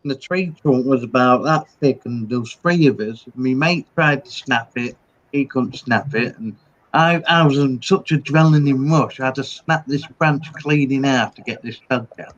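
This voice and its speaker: A man telling a story in a casual chat, halting and repeating himself. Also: medium pitch. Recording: dull lo-fi sound.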